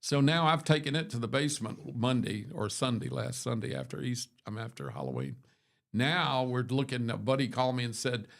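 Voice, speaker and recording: A man's voice: mid-range voice, vocal fry. An older man hosting a morning show, telling long rambling stories in casual chat, full of restarts and asides. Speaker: radio show host.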